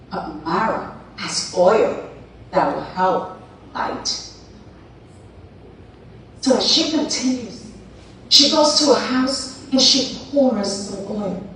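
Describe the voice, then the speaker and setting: Slow-talking woman telling a story. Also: medium pitch, gravelly, a bit bright, slight background noise. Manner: playful, acts out characters, talks to the crowd. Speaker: speaker. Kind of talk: motivational storytelling talk. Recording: echoey hall, far from mic.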